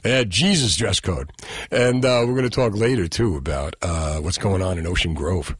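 A man hosting a radio talk show from New Jersey, bantering in a jokey, animated way with his co-host. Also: low-pitched, normal speed, breathy edge, no room sound, clean studio sound. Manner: jokey, animated, frequent laughs. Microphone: studio microphone.

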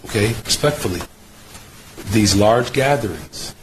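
A man answering questions at a press conference, measured and insistent, breaking in to keep the floor. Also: on the low side, expressive, noisy background. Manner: measured, cuts in to hold the floor.

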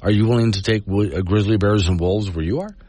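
A man's voice: fairly low pitch, fast, mellow, slightly rough, dry recording. A man hosting a talk show, giving folksy, argumentative commentary and reading news quotes aloud. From Wyoming. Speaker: talk radio host. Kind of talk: opinionated talk radio commentary.

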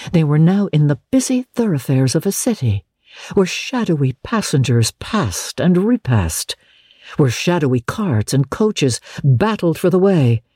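An audiobook narrator giving a measured, expressive storybook reading in a dry studio booth. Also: medium pitch, breathy edge, dry recording.

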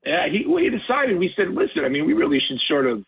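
Animated man on a tinny phone line. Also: sits high, a little fast, vocal fry, a loud crowd. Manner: animated storyteller, acts out quotes. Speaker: tackle company marketing manager, guest. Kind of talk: phone-in radio interview.

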